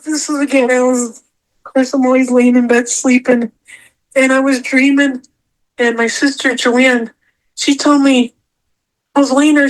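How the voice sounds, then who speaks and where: Tearful at moments, a female podcast guest recounts a personal story in relaxed conversation, emotional and meandering with frequent repetition. She has a high-sitting voice, captured on poor audio.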